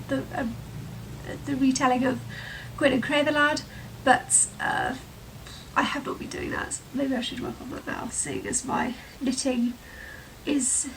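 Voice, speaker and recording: A woman's voice: high-pitched, gravelly, recorded from a distance, a little hiss or hum, rough recording. A woman from England with a shifting English accent, chatting casually to camera, full of fillers. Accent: mixed English, with touches of Herefordshire, London and Welsh. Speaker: vlogger. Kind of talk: casual rambling chat to camera. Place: room at home with sunlight coming in.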